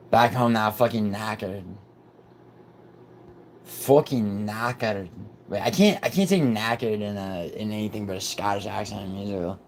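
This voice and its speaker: A man who is sick, with a raspy voice, chatting casually on a livestream in a rambling, profane way. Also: lowish voice, a little mellow, a little hiss or hum, rough recording. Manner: rambling, profane, restarts often. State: sick, rough voice. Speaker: livestream host.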